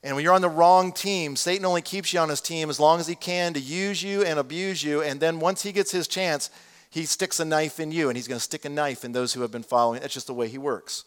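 A man preaching a sermon, his voice sitting a bit higher than most men's. He talks to his congregation in a loose, animated way, breaking off into asides and acting out the lines he quotes. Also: fairly quick, smooth. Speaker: pastor.

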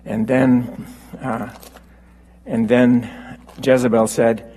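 A man preaching a sermon, unhurried and halting with fillers, rising when he quotes scripture. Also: mid-range voice, level tone, mellow, slightly rough, long reverb tail, poor audio.

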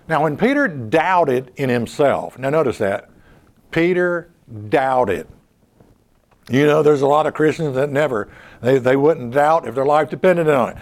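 Male preacher, high voice, lively and swooping, heavy on rhetorical questions. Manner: animated, rhetorical questions, repeats words. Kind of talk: sermon.

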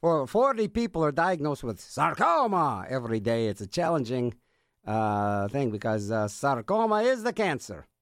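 A man's voice: medium pitch, very animated, normal speed, dry recording. A middle-aged man hosting a radio music show in a studio, talking in a rambling, jokey, sarcastic way. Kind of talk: casual rambling radio chat. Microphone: studio microphone.

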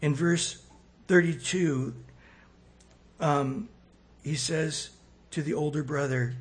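Man, pastor, husky, fairly high voice, animated sermon, acted-out quotes. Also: slow pace. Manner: animated preaching, acts out quoted voices, swings loud and soft.

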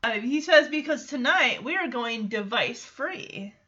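A woman hosting a podcast, recapping an episode in a casual, animated way, acting out the characters' lines and laughing often. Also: a little high, measured pace, dull audio. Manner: animated storytelling, acts out quotes, laughs often. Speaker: podcast host.

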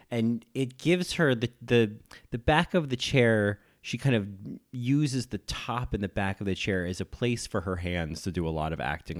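A man hosting a podcast, giving casual, animated film commentary full of gushing, campy asides. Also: on the low side. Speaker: podcast host and film reviewer.

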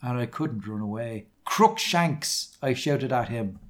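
A man's voice: medium pitch, slow pace. A British man co-hosting a comedy podcast, reading a fan fiction aloud with dramatic flair. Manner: lively dramatic reading with silly put-on quotes. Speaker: podcast co-host.

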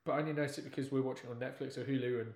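A man chatting casually as a podcast guest, animated and wry, building his points with emphasis. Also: medium pitch, very fast. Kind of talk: casual chat. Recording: echoey room.

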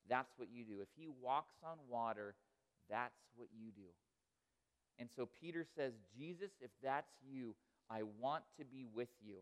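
A man's voice: mid-range voice, clear, resonant tone. A man preaching a sermon, telling a story earnestly and asking rhetorical questions. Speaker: pastor. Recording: reverberant hall.

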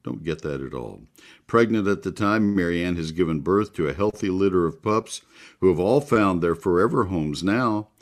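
A man's voice: sits low, normal speed. A man hosting a call-in gardening radio show, talking in a folksy, chatty way with many filler words. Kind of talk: live call-in radio talk with read ads.

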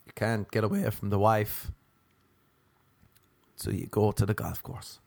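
A young Irish man performing a stand-up comedy monologue, animated, and often jumping high in pitch when acting out other people. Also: a little slow, creaky. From Ireland.

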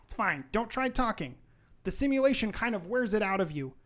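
A jumpy young elf technician squeaks out his lines, high-pitched and breathless with urgency, as a man puts him on. He speaks loudly and quickly, tripping over his words. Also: very animated. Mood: excited. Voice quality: high, fast, flustered.

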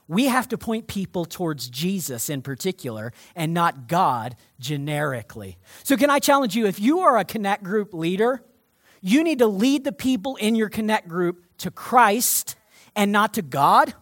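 Man, pastor, emphatic sermon, lively swooping pitch, dry close sound. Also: dry recording. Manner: emphatic, energetic preaching.

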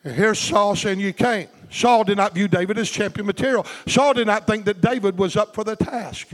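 In a large hall with a long reverb, a pastor preaches a fervent sermon in rhythmic bursts, calling for amens. His voice is very high for a man, and his pace is a little fast, with a call-and-response style.

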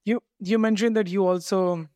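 High-voiced man interviewer, dry sound. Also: fairly even intonation, moderate pace, a little mellow, dry recording, highs cut off. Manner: curious, asking follow-up questions. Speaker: podcast host. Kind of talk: interview questions.

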